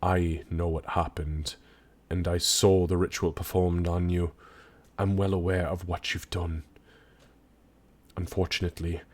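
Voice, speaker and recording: A man voicing a sorrowful, duty-bound male guard lieutenant who speaks quietly and gravely. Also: low-pitched, pitched below the performer's own voice.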